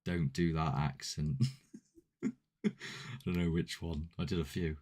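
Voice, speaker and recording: With an extremely low, slightly mellow voice, steady tone, and measured pace, a man hosts a paranormal live stream. He's chatty and self-deprecating, rambling a bit as he talks casually with viewers over a desk mic with a ring light.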